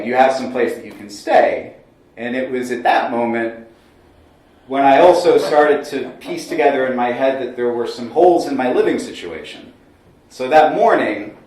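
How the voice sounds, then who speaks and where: A man in his thirties telling a comic personal story on a small stage, lively with wry asides. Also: medium pitch. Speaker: solo storyteller. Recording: very echoey room, mic far off.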